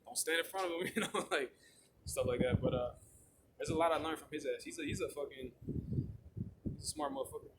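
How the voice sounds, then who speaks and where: A man's voice: on the high side, very animated, brisk, gravelly, long pauses. A man chatting casually as host, rambling with heavy swearing and lots of fillers. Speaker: channel host. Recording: loud background noise with clicks.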